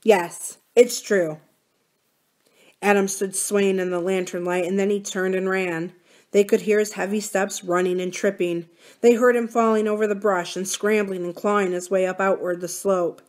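Woman reading a novel calmly. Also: medium pitch, moderate pace. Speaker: library reader.

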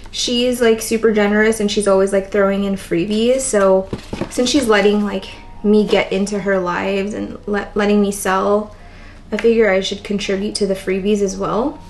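A woman with a raspy, tired voice and constant vocal fry, chatting casually in a plant vlog. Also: medium pitch, slight background noise, rough recording. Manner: chatty, rambling, lots of "like". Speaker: plant vlogger. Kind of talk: casual chat while potting plants.

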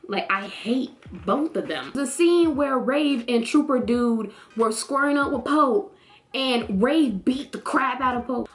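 Animated, lively young-sounding woman vlogger. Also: a little high, normal speed. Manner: animated, expressive, jumps into voices of characters; chatty, slangy. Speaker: vlogger reacting to a TV show. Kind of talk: casual reaction chat.

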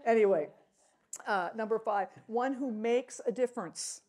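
Slow, husky-voiced woman teaching a Bible lesson. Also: fairly high pitch, darkish tone. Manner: slow, deliberate, repeats key phrases; laughs at her own slips.

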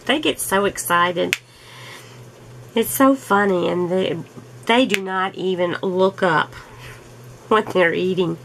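Slow-talking woman chatting at home. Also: fairly low pitch, gravelly, a bit bright, slight background noise, low-quality recording. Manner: slow, chatty, laughs often. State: throat a bit rough from allergies. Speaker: diamond painting vlogger. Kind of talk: casual chat while crafting.

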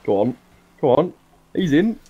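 A man's voice: a little high, big pitch swings, unhurried, dark tone, highs cut off, a little hiss or hum. A man playing a racing game with a friend, laughing and joking about his own crashes. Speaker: co-player. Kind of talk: casual gameplay banter.

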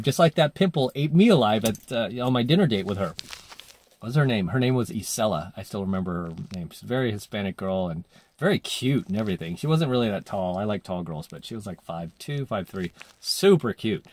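A man's voice: mid-range voice, a little mellow. A man coaching dating, telling a story in a casual monologue, full of fillers, and acting out the voices he quotes.

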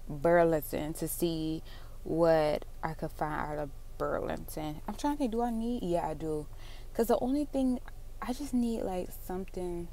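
A young woman with a smooth, sleepy-sounding voice, chatting casually to viewers as a vlogger while running errands. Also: on the low side, slight background noise. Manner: chatty, addresses viewers as y'all and girl. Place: in a car and stores.

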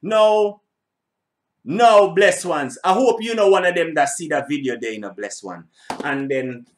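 A man's voice: a little high, expressive, unhurried. A middle-aged man, hosting a reaction video in a rambling, casual way, repeating himself and swearing now and then. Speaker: reaction channel host.

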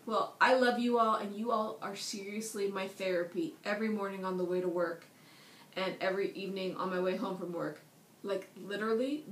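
A woman's voice: mid-range voice, slight background noise. A tired woman chatting casually to her viewers in a rambling, self-deprecating way. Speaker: vlogger. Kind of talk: casual chat. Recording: roomy echo.

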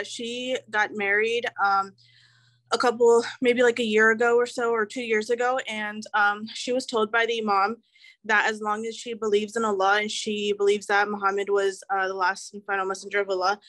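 A woman's voice: mid-range voice, little pitch movement, normal speed, fairly bright tone. Woman, hesitant, lots of fillers, asking a question, video call.

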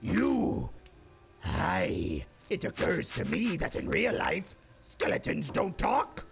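An actor voicing a boastful old male skeleton pirate with a gravelly, bellowing sea-dog voice in a video game. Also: wildly swooping pitch, slow pace, heavily acted. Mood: hearty. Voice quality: gravelly, booming. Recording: game audio with faint music.

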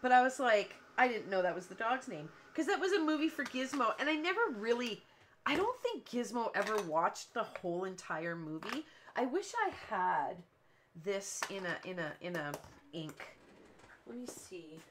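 A woman's voice: mid-range voice, sing-song, moderate pace, noisy background. A woman hosting a cardmaking livestream from her home craft room, chatting and telling long stories while she works. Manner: chatty, rambling storyteller who laughs often. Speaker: cardmaking show host.

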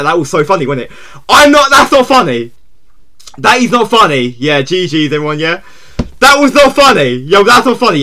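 A man live-streaming a game, chatting to his viewers and ending nearly every phrase with "yeah?", and shouting when something surprises him. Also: fairly high pitch. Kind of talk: casual live gaming stream chat.

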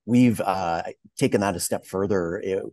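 A man speaking as a webinar panelist in a measured way, pausing on "um". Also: deep voice, a little mellow, no room sound. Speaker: webinar panelist, union program representative. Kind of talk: conversational panel remarks.

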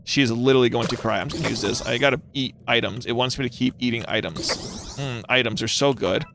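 A young man streaming a game and chatting to viewers, excitable and giggly, breaking into squeals and shouts. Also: mid-range voice, fast talker, vocal fry, background noise. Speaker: gaming YouTuber. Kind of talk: live gameplay commentary.

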